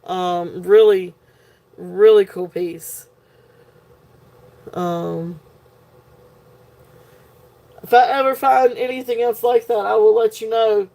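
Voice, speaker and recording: A woman's voice: medium pitch, fairly even intonation, slow pace, creaky, pauses often, warm tone. A woman selling jewelry on a live stream, rambling in a casual way, often breaking into giggles and chatting with her viewers. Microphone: desk setup, face off camera.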